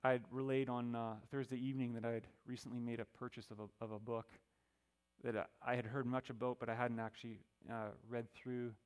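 A middle-aged male pastor preaching a sermon, emphatic, slowing down when he reads scripture. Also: medium pitch, level tone, smooth.

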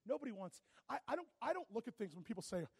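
A man's voice: very high-pitched, rapid-fire, gravelly, breathy edge, dry recording. A man preaching a sermon as a pastor, telling stories dramatically and often turning to the audience. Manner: animated, dramatic storytelling with plenty of asides to the audience.

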